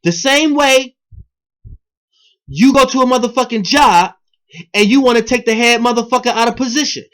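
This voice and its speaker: Speaking at a normal speed, a male video blogger rambles through a profane spiritual talk aimed at his viewers, his delivery shifting from loud, forceful outbursts to low mumbles.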